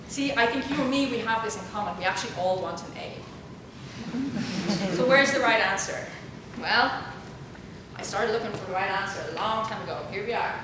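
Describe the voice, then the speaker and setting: A middle-aged woman giving a humorous, self-mocking storytelling lecture as a university lecturer, lively and acting out quoted voices. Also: mid-range voice, brisk. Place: university auditorium. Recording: echoey auditorium with audible room noise.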